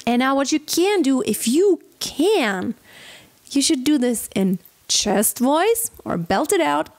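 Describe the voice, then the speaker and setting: A woman's voice: high voice, sing-song, slow pace, faint music behind. A woman vocal coach giving a singing lesson, explaining technique step by step in an encouraging way. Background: faint backing track of the song.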